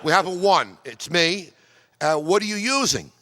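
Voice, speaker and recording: A man's voice: high voice, lively intonation, pushed and bright, pitched above the performer's own voice. A man putting on a polite, cordial king on the radio. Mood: gracious. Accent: unusual foreign accent. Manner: polite, measured, gracious. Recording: long reverb in a hall.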